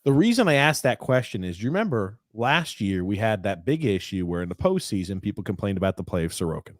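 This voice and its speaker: A low-pitched man talks through a hockey game with his co-host in a chatty, teasing way. The sound is dry and close, with no room echo. He speeds up at times as he gets going. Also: sing-song, fast, few pauses. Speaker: podcast co-host. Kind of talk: casual sports watch-along chat.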